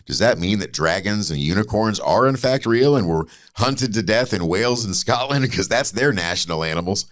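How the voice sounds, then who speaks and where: A man co-hosting a podcast, bantering in a wry, deliberate way. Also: on the low side, expressive. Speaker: podcast co-host. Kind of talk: casual chat.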